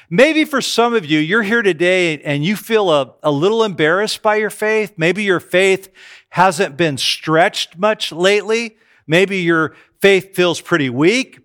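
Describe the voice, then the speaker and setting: A man's voice: high voice, fairly bright tone. A middle-aged man preaching a sermon, telling self-deprecating stories to his congregation. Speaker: pastor.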